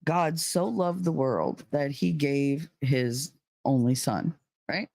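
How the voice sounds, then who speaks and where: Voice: mid-range voice, darkish tone, no room sound. Earnest livestream host, dry close sound. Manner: earnest and emphatic, with frequent fillers; stretches key words slowly for emphasis. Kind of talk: casual spoken monologue.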